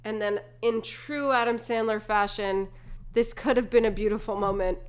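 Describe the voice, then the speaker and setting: A woman co-hosts a podcast in a casual movie recap chat, going through a film scene by scene. Her voice is mid-range and steady at a normal speed. She laughs often and acts out the lines she quotes.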